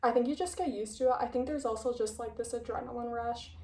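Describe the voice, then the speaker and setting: A woman's voice: fairly high pitch, steady tone, fast talker, darkish tone, recorded from a distance. A young woman talking casually in a video essay and reading passages aloud. She chats and interrupts herself with playful asides, and she sounds a little out of breath. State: slightly out of breath. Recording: echoey room, voice a bit off-mic.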